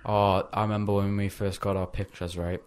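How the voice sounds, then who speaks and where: A young man in casual chat, an animated storyteller who laughs often. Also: lowish voice, a little fast, clear, resonant tone.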